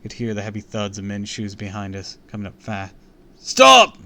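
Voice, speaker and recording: A man reading a spooky children's story aloud on a live stream, with an expressive, theatrical delivery. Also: lowish voice, fairly quick, a little hiss or hum.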